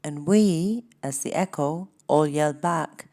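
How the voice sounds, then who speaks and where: A woman hosting a tarot reading channel, talking casually and rambling, with restarts and soft laughs. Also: sits low, slow pace, hardly any pauses. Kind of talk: casual spiritual talk to camera.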